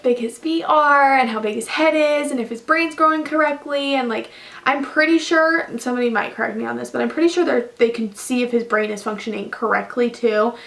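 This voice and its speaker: A young woman tells her year's story to the camera in a loose, rambling way, with ums and little self-corrections. Her voice sits slightly high for a woman. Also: a bit bright. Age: young adult. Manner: chatty, rambling, many fillers and restarts. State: tearful at times. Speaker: vlogger.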